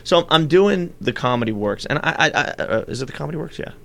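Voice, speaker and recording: A man chatting as an interview guest, a loud, animated storyteller. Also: a little high, fast, vocal fry. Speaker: guest, comedian and actor. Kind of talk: casual chat.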